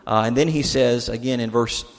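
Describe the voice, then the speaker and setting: A man's voice: medium pitch, moderate pace. A male pastor giving a conversational sermon, putting rhetorical questions to his listeners. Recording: long hall reverb.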